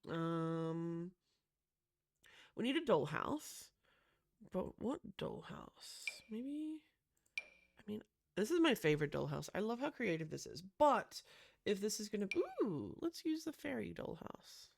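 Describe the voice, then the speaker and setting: With a creaky, medium-pitched voice that swings widely in pitch, a woman talks slowly as she builds a room in a life-sim game. It's casual gameplay commentary from a Sims builder, packed with gasps and "um"s.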